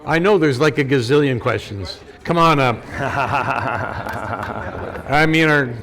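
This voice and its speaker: A man moderating a conference session takes questions with brisk, jokey remarks in a loose, unhurried way. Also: on the high side, a bit bright, long reverb tail. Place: conference hall.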